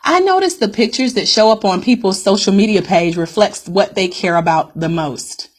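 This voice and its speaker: A woman's voice: medium pitch, animated, moderate pace. A woman business coach hosting a live-streamed coaching call, upbeat and direct, calling her viewers "guys" and repeating her key points.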